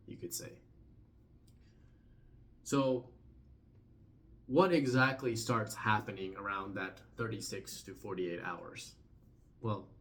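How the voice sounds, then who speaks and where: A young man explaining a topic in a casual vlog, conversational, often trailing off softly at the end of phrases and restarting words. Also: on the low side. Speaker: vlogger.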